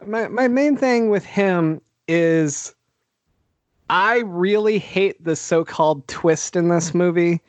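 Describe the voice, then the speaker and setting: A man with a slightly raised pitch, chatting casually about movies on a podcast. He laughs often and swears freely, and his voice comes across dry and close to the mic. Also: takes it slowly, no echo. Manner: laughing, profane, animated. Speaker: podcast co-host. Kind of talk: casual film discussion.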